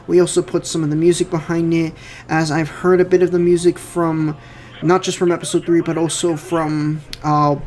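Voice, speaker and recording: A man's voice: a little high, flat delivery, moderate pace, a little mellow. Rambling young man giving casual commentary. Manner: rambling, many fillers and repeated words. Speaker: fan filmmaker giving director's commentary.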